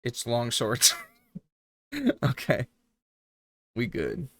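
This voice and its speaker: A man casting a strategy game tournament live on stream, chatty and joking with quick asides. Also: medium pitch, expressive, vocal fry, a bit bright, no echo.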